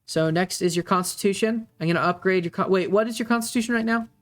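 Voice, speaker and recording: A game master running a tabletop game in a relaxed way, with many fillers and pauses. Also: medium pitch.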